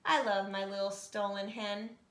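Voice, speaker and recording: A woman voicing a huge, greedy male giant who gives slow, booming commands in a storybook reading. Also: little pitch movement, a bit bright, roomy sound, natural voice. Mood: gloating.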